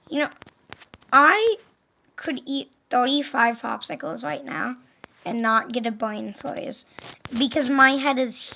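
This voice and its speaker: A woman giving casual gaming commentary, excitable, yelping and groaning at the game and talking to herself. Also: on the high side, gravelly, a little hiss or hum. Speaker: gameplay commentator.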